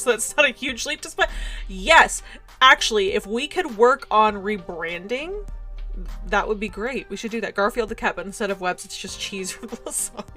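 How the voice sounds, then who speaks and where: Young woman streamer, giggly, chatty, self-mocking, somewhat high voice, faint music behind. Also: sharp tone. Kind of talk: casual livestream chat while playing a game.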